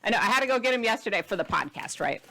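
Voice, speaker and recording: A woman's voice: on the high side, lively intonation, racing, bright, forceful tone. Chatty, playful woman food vlogger. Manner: chatty and playful, with dramatic whispers and squeals. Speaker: keto diet author and host. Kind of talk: casual food vlog, showing items to camera.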